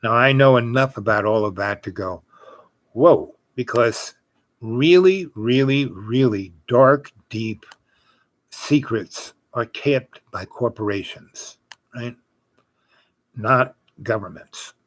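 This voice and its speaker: Middle-aged man, host telling a rambling personal story, mid-pitch voice, dry close sound. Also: takes it slowly, a bit bright, no echo. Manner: rambling, with many fillers and restarts. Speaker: podcast host. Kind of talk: casual storytelling.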